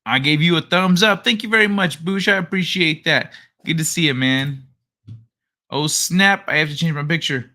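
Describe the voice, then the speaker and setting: Young male streamer, bright tone, casual and profane, rambling late-night chat. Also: a little high, moderate pace. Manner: rambling, profane, laid-back. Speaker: live stream host. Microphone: desk microphone he adjusts.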